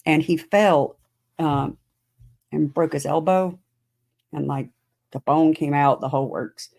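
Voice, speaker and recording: Slow, low-pitched, creaky and a little mellow, the voice is that of a middle-aged woman hosting a podcast. She's chatting informally with live-stream viewers and answering comments, full of fillers.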